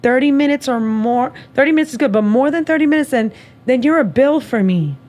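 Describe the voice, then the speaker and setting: Young woman podcast host, kinda high voice, tells it animated and laughs a lot. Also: brisk. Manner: animated storytelling, acts out both sides, laughs often. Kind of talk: casual chat.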